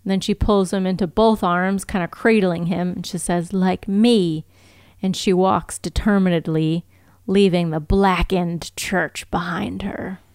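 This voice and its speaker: Chatty woman podcast co-host, smooth clear voice. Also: lowish voice, steady tone, unhurried, a little mellow, dry recording, clean studio sound. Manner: chatty, filler-heavy recapping. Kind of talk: casual chat.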